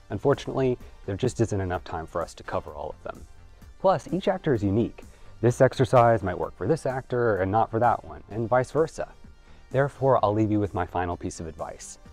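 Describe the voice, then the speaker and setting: A young man with a lowish voice narrates an acting lesson from a script. His delivery is clear and measured, with a light playful edge. Soft music plays faintly behind him. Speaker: acting coach.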